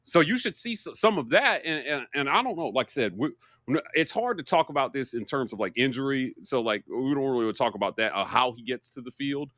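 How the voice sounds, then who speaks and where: A man co-hosting a casual sports talk show, animated and excitable, quick to agree. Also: mid-range voice, no room sound, clean studio sound. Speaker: podcast co-host.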